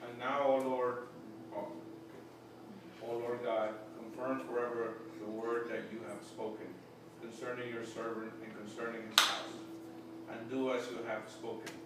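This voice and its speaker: A man reading a Bible passage aloud to a group, careful and steady. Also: mid-range voice, moderate pace. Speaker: scripture reader. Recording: echoey room from far off, loud noise.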